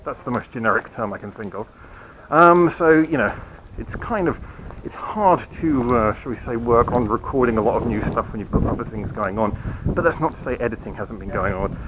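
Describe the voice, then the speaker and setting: Walking outdoors on a quiet city street at night, a man hosting his channel films on a handheld camera and gives a rambling, apologetic update. His mid-range voice is brisk and self-mocking, he hiccups now and then, and there's background noise.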